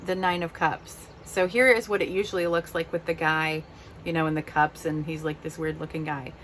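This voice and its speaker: A woman's voice: low voice, flat delivery, moderate pace, a bit bright, a little hiss or hum. A woman giving a casual, heartfelt tarot reading, openly emotional as she talks. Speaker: tarot reader.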